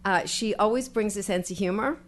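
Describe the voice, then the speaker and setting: An older woman giving a heartfelt, halting acceptance speech at a podium before an audience, thanking family and volunteers. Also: medium pitch. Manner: heartfelt, halting, grateful, with fillers and restarts. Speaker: newly elected official giving acceptance speech. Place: public meeting hall with audience.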